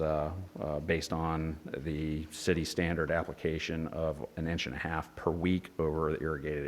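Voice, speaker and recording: A man's voice: rumbling low, a little mellow. A man presenting an engineering report at a public hearing, with many fillers and restarts. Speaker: engineer presenting a development project. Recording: long reverb in a hearing room.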